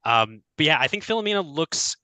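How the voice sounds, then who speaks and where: A man's voice: fairly high pitch, sing-song, brisk, sharp tone, no echo. A man describing a character's reactions in a tabletop role-play in a casual, descriptive way. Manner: casual, descriptive, many fillers.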